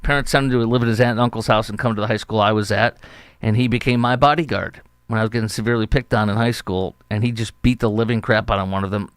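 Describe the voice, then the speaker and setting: A fast-talking man with a fairly low, clean voice is heard in a dry recording. He hosts a podcast from the Chicago area and, in middle age, delivers an opinion-style monologue, storytelling through the news with chatty animation and dramatized quotes.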